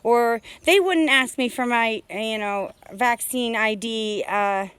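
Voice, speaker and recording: A woman with a somewhat high voice pours out her thoughts in a rambling, heartfelt vlog, full of fillers and restarts. She sounds emotional, close to tears. The sound is dry and close, with no room echo. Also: slow pace, a bit bright, clean tone. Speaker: homesteader vlogger. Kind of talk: emotional personal vlog monologue. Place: outdoors on a homestead.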